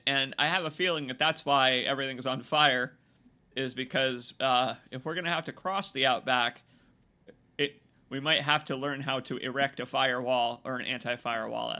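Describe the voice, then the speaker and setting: A young male streamer gives live gameplay commentary with a bright, forward voice. He jokes and reacts excitably, switching between talking to viewers and talking back at the game. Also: medium pitch. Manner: jokey, excitable, talks to chat and to the game. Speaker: gaming streamer.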